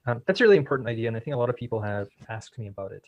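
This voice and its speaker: A man's voice: mid-range voice, sing-song, very fast, a little mellow, lo-fi sound. A man hosting a podcast and coaching a listener in casual conversation, explaining with everyday analogies and many ums. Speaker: podcast host and quitting coach.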